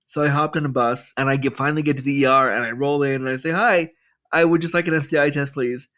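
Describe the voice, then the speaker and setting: A man in his thirties, a podcast guest telling personal stories in a candid, animated way with lots of quoted dialogue. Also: medium pitch, fast talker. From Canada. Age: 30s. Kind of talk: storytelling in a podcast interview.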